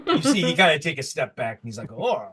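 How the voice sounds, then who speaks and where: A man's voice: on the high side, huge pitch swings, fast, a bit bright, slightly rough. A man narrating a tabletop game as game master, rambling with restarts as he describes the scene. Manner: rambling, full of fillers and restarts.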